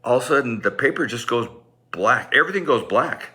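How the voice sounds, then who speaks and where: A man's voice: medium pitch, expressive, brisk, pushed and bright. A middle-aged man telling a personal story in a rambling, self-deprecating way, with many restarts.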